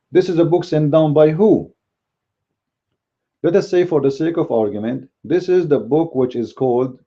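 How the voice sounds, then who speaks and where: A man with a very deep, mellow voice whose first language is Arabic, arguing in a blunt and combative way. He delivers casual commentary on a dull, lo-fi recording. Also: husky. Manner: blunt and combative, speaks bluntly by his own account. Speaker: Christian apologetics commentator.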